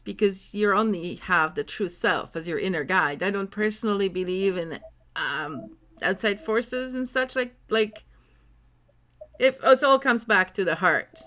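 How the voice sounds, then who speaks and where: A woman chatting casually and telling stories with lots of laughter. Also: medium pitch. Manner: laughs often, animated storytelling. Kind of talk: casual chat.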